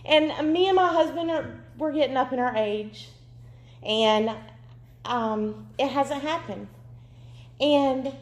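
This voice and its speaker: Earnest high-voiced woman preaching. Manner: emotional, earnest testimony. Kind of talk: sermon. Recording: echoey room.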